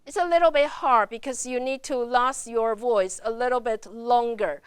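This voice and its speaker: A woman's voice: on the high side, animated, clear, resonant tone, no echo, studio quality. A woman teaching Chinese pronunciation in a university lecture, sounding out tones syllable by syllable in English with a Taiwanese Mandarin accent. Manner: models tones slowly, syllable by syllable.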